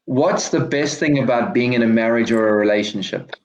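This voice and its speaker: A man fires off quick casual questions to a guest, often opening with a hesitant filler. His voice sits at a middle pitch and carries a roomy echo. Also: darkish tone. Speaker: interviewer. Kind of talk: quick-fire interview questions. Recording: echoey room.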